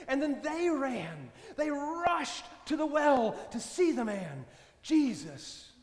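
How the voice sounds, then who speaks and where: Male priest, high tenor, unhurried storytelling sermon, roomy church sound. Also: very animated. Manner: slow, measured storytelling with soft dramatic drops. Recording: echoey church with long reverb.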